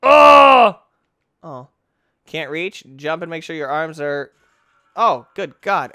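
A young man giving let's-play commentary, tired and yawning, breaking into excited yelps and shouts. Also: on the high side, clean tone, no echo, clean studio sound. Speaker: gaming YouTuber.

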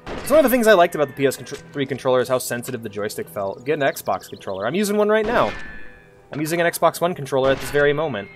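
A man's voice: mid-range voice, big pitch swings, fast talker, faint music behind. A man streaming a video game, chatting casually, joking and laughing at himself often. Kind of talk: casual gameplay commentary.

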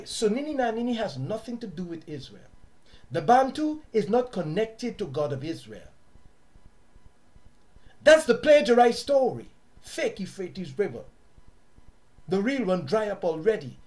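A man with a southern African accent teaching his audience in an impassioned, preachy way, sometimes loud and sometimes hushed. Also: sits high, big pitch swings, a little slow, long pauses. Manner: preachy, repeats words, shifts from loud to hushed. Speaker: online teacher and host.

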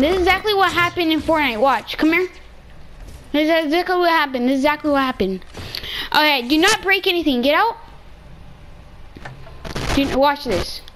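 A playful woman talks through a video game session in a high, bright voice that swings all over the place. She repeats herself often and gets excited easily. Noticeable noise sits under her voice. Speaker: gamer streamer. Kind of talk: casual gaming chat. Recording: noisy game capture.

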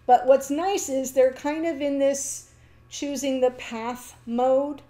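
A woman giving a casual, chatty tarot reading, talking warmly to the viewer with fillers and small laughs. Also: high voice, fairly even intonation, takes it slowly. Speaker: tarot reader.

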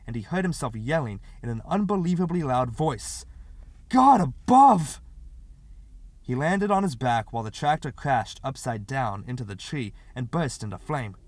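Brief: male audiobook narrator, mid-pitched, steady and expressive, dry close-miked sound. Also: no echo. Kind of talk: literary audiobook reading.

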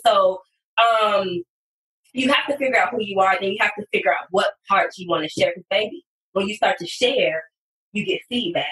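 A woman guest on a podcast, talking about copywriting in an animated, emphatic way with sudden loud bursts. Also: mid-range voice. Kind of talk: casual podcast conversation. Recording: distant, echoey room sound.

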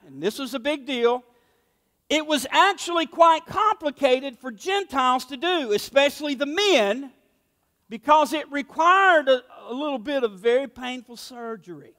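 A man's voice: very high-pitched, expressive, a little slow, sharp tone, in a large hall. A male pastor preaching a sermon, emphatic and conversational, acting out the voices in his stories. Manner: emphatic, conversational, acts out quotes.

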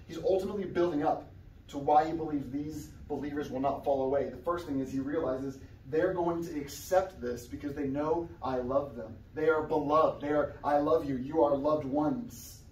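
A young adult man, a guest preacher, giving a casual, conversational sermon with sudden loud outbursts. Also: fairly high pitch, steady tone, moderate pace, slight background noise. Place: church sanctuary. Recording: echoey church room, somewhat far from the mic.

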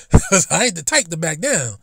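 A man's voice: on the high side, big pitch swings, normal speed, vocal fry, a bit bright, husky, dry recording, clean studio sound. A man ranting bluntly and profanely in a casual vlog monologue, recorded in a car. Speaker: vlogger.

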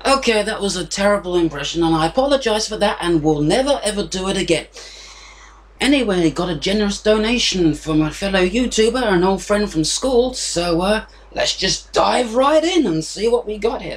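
A man's voice: high-pitched, lively intonation, moderate pace. Rambling man unboxing at home. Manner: rambling, self-deprecating, thinking aloud. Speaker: vlogger unboxing a package. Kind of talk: casual unboxing chat. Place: hot indoor room with a fan running. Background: fan noise.

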